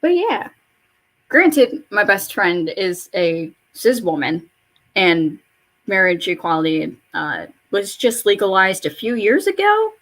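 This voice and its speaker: A woman in her mid-twenties vents in a loose, rambling chat while getting ready at home. Her voice sits at a middle pitch, and she swears freely and leaps suddenly much higher when something excites her. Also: slow pace. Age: mid-20s. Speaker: vlogger. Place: bedroom at home.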